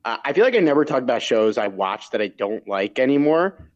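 A man's voice: medium pitch, sing-song, fairly quick, lo-fi sound. A man co-hosting a podcast, chatting casually about TV shows he watched, rambling with restarts and asides. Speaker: podcast co-host reviewing TV shows. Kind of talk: casual chat.

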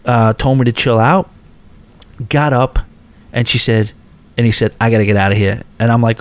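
Male podcast host of middle pitch, casual storyteller, animated when quoting others. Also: moderate pace, pauses often. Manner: animated, quotes people in raised voices.

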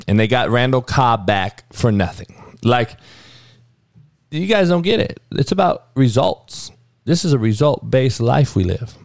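A man's voice: mid-range voice, measured pace, gravelly, dry recording, studio quality. A man hosting a podcast, delivering a blunt, profane sports rant in casual talk. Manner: profane, blunt, animated rant with frequent cursing. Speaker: podcast host.

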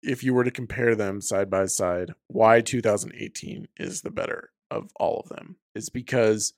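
A young man co-hosting a podcast in casual chat, laid-back and swearing, slowing down to make his points. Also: lowish voice, steady tone, dry recording, studio quality. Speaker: podcast co-host.

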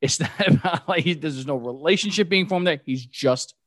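A man co-hosting a casual movie podcast, animated and quick to laugh as he tells stories. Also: on the high side, dry recording, studio quality. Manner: animated, laughing, acting out quotes. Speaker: podcast co-host.

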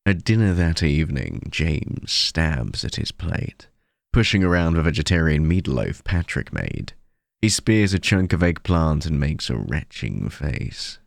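A man reading a horror short story aloud in scripted narration, slow, measured and hushed. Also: very deep voice, very animated, vocal fry, no room sound, clean studio sound.

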